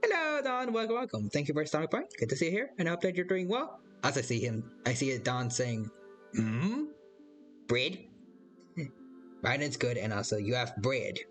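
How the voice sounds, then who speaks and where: Guy streaming, rambly and unsure, lively up-and-down pitch, bright voice, a little music in the back. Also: brisk. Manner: rambling, hesitant, talks to chat by name. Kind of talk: casual live-stream chat while playing a game.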